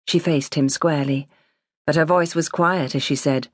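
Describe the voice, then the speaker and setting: A woman narrating an unabridged novel in a steady, even storytelling manner. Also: low-pitched, normal speed, no echo, studio quality. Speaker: audiobook narrator. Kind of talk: scripted narration.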